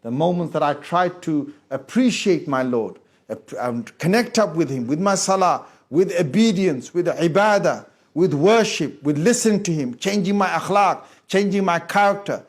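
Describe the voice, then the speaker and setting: Guy preaching, high voice, goes quiet and low then builds up loud, really dramatic sermon. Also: animated, moderate pace, few pauses. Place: mosque hall before a gathering.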